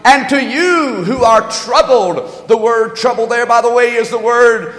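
A man preaching a sermon as pastor, reading scripture and calling on the congregation, with slowed, shouted emphasis on key words. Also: very high voice. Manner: calls to the congregation for amens and note-taking. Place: church sanctuary. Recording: echoey hall, long reverb.

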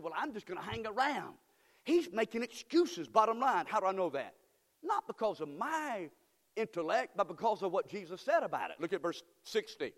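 Male pastor, high and animated, fervent sermon that rises to shouts, long church hall reverb. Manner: fervent preaching that builds to repeated shouts. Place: church sanctuary.

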